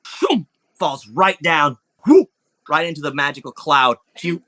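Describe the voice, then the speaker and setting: A man running a tabletop game, his voice bright and a little high. He narrates animatedly, with playful sound effects and lots of fillers. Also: sing-song, measured pace. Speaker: game master.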